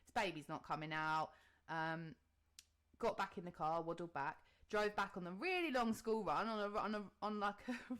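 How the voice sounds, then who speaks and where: A woman's voice: mid-range voice, lively intonation, moderate pace, a bit bright. A woman in her thirties from England, co-hosting a casual podcast chat, telling a long story and acting out her own reactions with casual swearing. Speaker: podcast co-host.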